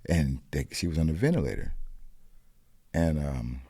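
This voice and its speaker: A man's voice: very deep voice, lively intonation, normal speed, warm tone, husky, dry recording. A man from the American Midwest, a podcast guest telling personal stories in an earnest, reflective way and often restarting his phrases. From Rock Island, Illinois, US. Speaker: podcast guest, corner store owner. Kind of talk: earnest conversational storytelling.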